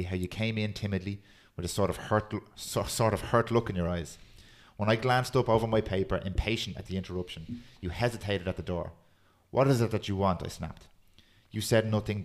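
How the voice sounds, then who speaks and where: A man hosting a podcast, chatting casually and reading a poem aloud in a steady, earnest way. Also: fairly low pitch. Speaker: podcast host.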